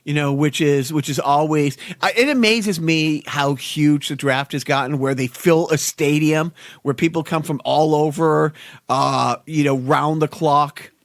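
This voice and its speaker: A man's voice: on the high side, measured pace, no room sound. A man hosting a podcast in casual chat, ranting in a sardonic way. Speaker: podcast host.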